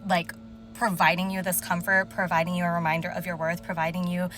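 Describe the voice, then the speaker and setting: A young woman speaking casually as a spiritual channeler, emotional and halting, full of fillers as she describes images to viewers. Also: lowish voice, flat delivery, fairly bright tone. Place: car.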